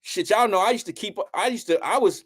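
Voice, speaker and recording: A man's voice: high voice, brisk. A man hosting his own show, telling a long story in loose, profane, slang-heavy casual speech.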